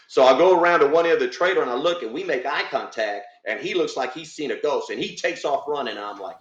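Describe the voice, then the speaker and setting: A man's voice: mid-range voice, fast, hardly any pauses. An older man, a retired police officer, telling a story in an interview, acting out the voices of the people in it. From Texas. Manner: animated storyteller, acts out voices. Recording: roomy, slightly dull sound.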